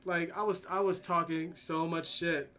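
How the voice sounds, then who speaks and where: A man's voice: a little high, flat delivery, moderate pace, a bit bright. Slangy, profane man telling stories. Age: adult with kids. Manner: profane, slangy, rambling anecdotes. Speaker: streamer. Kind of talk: casual storytelling while drawing.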